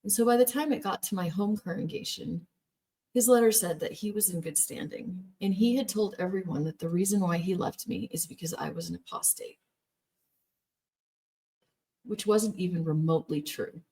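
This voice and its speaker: A woman from the United States tells her own story in a slightly low voice. She is emphatic and emotional as she recounts events, and the words come with real feeling. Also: fairly quick, warm tone, slightly rough. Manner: emphatic, emotional retelling with laughs. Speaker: former Jehovah's Witness telling her story. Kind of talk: personal storytelling.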